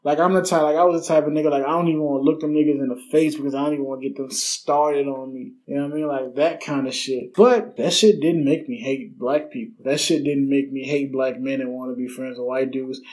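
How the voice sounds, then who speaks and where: Blunt young man, mellow solo podcast talk. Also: mid-range voice, fairly even intonation, fast, hardly any pauses, rough recording. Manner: casual, blunt, swears freely, many fillers. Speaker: podcast host.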